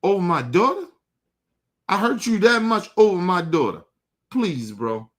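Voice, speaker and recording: Man, heated profane rant, repetitive, confrontational, voice a touch high. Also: big pitch swings, measured pace. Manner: confrontational, addresses his target directly. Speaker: show host. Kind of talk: heated monologue to the audience.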